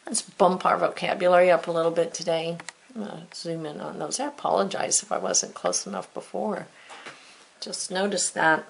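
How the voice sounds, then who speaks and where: Woman, middle-aged, gravelly voice, homeschool video lesson, slow clear encouraging delivery. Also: lowish voice, a bit bright. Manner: encouraging, speaks slowly and clearly while writing. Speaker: homeschool teacher. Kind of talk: friendly video lesson for children.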